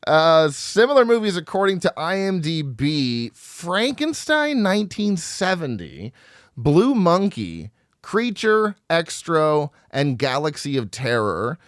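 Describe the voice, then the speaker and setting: A podcast co-host talking casually about films, his voice lively and full of ups and downs. He laughs easily and reads reviews with relish. The sound is dry and close to the mic. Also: fairly high pitch, slow pace, dry recording. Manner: animated, laughs often, reads reviews aloud. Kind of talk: casual chat.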